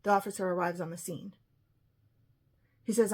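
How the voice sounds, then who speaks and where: A woman with a husky voice telling an emotional personal story, often quoting what others said. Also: lowish voice, steady tone, moderate pace, darkish tone.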